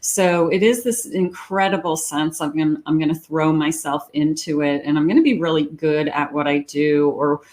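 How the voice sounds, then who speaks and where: A woman reading tarot cards aloud in a chatty, reassuring way, thinking out loud as she goes. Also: low voice, steady tone, moderate pace, hardly any pauses. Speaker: psychic tarot reader.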